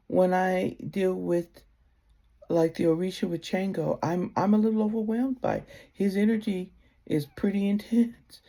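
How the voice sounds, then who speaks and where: Speaking to camera, a woman offers casual spiritual advice in a heartfelt, conversational way, at times dropping to a soft near-whisper. Her voice is fairly low and creaky.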